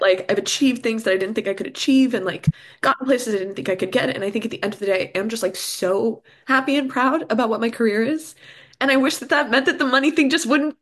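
A woman's voice: on the high side, a bit bright. A woman guest in a casual chat. She talks with lots of likes and ums and laughs often.

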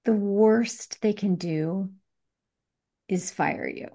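A woman coaching participants on a group call, direct and encouraging, with animated emphasis. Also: medium pitch, extremely slow. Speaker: business coach.

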